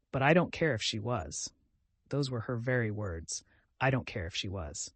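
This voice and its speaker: A man's voice: moderate pace, fairly bright tone, slightly rough, no room sound. A man narrating a novel as an audiobook reader, lifting his voice for the quoted family members. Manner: raises pitch and volume for quoted family members. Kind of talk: scripted narration.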